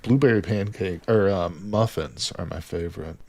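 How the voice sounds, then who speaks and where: A man's voice: deep voice, normal speed, darkish tone. A man chatting casually with his viewers while he plays a game. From United States. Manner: chatty, talks to viewers as "people". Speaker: streamer. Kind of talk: casual gameplay commentary with chat.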